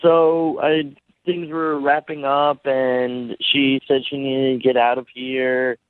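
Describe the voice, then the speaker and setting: A man calling in to a radio show, telling his story slowly and a little sheepishly over the phone. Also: mid-range voice, flat delivery, dry recording. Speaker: caller. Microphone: telephone. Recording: phone line.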